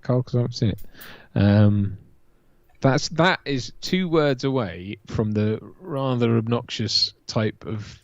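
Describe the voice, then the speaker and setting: A man's voice: mid-range voice, slight background noise. A man co-hosting a watch-party stream in casual, rambling chat, often restarting his sentences. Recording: dull lo-fi stream audio.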